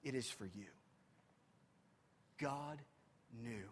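A man preaching a sermon as a youth pastor, animated and urgent, often dropping to a hushed, intimate tone. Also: medium pitch, extremely slow, in a large hall, slight background noise.

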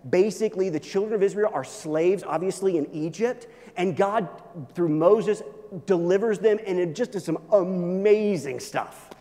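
A man preaching a sermon, animated, swinging between loud emphasis and hushed asides. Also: high-pitched, moderate pace, big-room sound. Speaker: pastor.

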